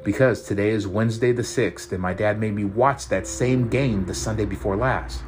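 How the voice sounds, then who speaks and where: A man voicing a nervous teenage girl who speaks in a hesitant, halting way. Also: on the low side, over music, natural voice. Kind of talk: audiobook character voice.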